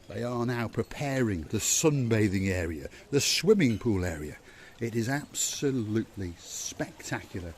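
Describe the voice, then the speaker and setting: A man hosting a vlog gives a playful, theatrical guided tour of a hotel, moving between outdoors and indoors. His medium-pitched voice is a little mellow, with a faint hiss or hum in the audio.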